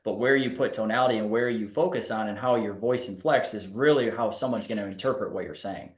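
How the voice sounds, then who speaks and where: A man's voice: lowish voice, a little fast, roomy sound. A man who works as a real estate agent, talking in a podcast conversation in a laid-back way and explaining by acting out examples.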